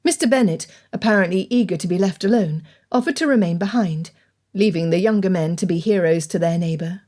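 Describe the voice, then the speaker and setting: Audiobook narrator, woman, lower register, even storytelling delivery. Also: fairly quick. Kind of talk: scripted narration.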